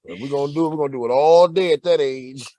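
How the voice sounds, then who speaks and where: Southern man chiming in over crowd noise. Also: fairly high pitch. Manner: chiming in with quick agreement. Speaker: co-host. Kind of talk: casual chat.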